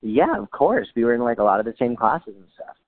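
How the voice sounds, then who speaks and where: A man's voice: mid-range voice, fairly quick. A man chatting as a guest, telling funny stories with dry humor and acting out what people said. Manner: dry humor, quotes people in lively voices. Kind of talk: casual storytelling chat. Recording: dry phone-like audio.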